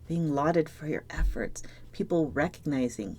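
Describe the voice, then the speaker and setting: Low-voiced woman giving a soft tarot reading. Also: animated, a little slow. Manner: soft, reflective, drifting into near-whispers; emotional, searching for words. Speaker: tarot reader. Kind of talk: solo tarot reading to camera.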